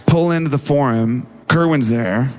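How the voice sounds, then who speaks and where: A man telling a story in a casual interview, animated and full of swearing, acting out what people said. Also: mid-range voice, moderate pace, noisy background. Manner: animated, profane, acts out quoted dialogue. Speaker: interview guest.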